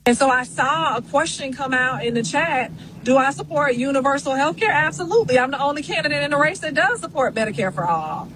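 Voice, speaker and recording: A woman's voice: high-pitched, lively intonation, a little fast, background noise. A woman political candidate answering questions from a chat firmly and plainly. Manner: firm, repeating her answers. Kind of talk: campaign livestream remarks.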